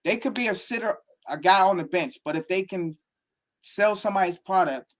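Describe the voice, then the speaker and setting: High-voiced animated man. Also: moderate pace. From Pittsburgh. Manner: animated storytelling, acts out quotes. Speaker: football academy coach and guest. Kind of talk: casual interview talk.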